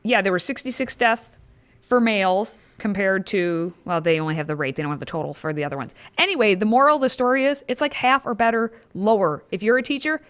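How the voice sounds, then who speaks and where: A woman's voice: medium pitch, lively intonation, brisk, fairly bright tone. A woman co-hosting a political talk show, reading news with sarcastic asides and playful sound effects. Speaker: co-host.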